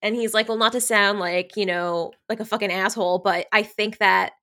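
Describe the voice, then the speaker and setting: A woman's voice: mid-range voice, fairly even intonation, moderate pace, bright, forceful tone. A woman co-hosting a podcast, casually retelling a romance novel's plot in a loose, filler-heavy way, full of quoted back-and-forth. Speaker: podcast co-host.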